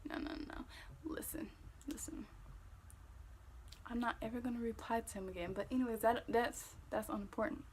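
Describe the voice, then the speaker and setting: A young woman vlogger telling a story-time tale in casual, profane, animated talk that gets loud when she replays an argument. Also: a little high, moderate pace, pauses often, a little hiss or hum.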